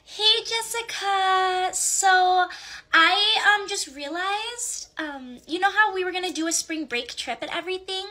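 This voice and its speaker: A woman's voice: very high-pitched, unhurried, bright, forceful tone, slight background noise, exaggerated voice. A young woman playing an evasive teen girl. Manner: hesitant, excuse-making. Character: evasive teenage girl making excuses. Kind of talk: comedy sketch acting.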